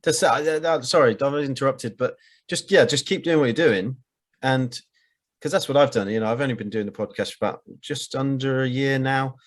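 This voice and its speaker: A man's voice: mid-range voice, a little fast. A man hosting a podcast in casual conversation, enthusiastic and encouraging, with a self-deprecating humour. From United Kingdom. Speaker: podcast host.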